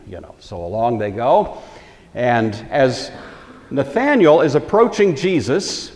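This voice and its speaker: Lively male Bible teacher in a reverberant hall. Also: medium pitch, a little slow. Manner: conversational storytelling, acts out quoted lines. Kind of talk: recorded Bible lecture.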